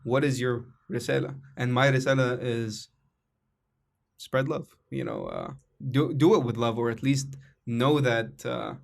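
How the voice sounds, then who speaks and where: A young Egyptian podcast host and comedian speaks at a moderate pace with a gravelly, mid-range voice and big pitch swings, in an Egyptian Arabic accent. His casual podcast talk is emotional and rambling, with restarts.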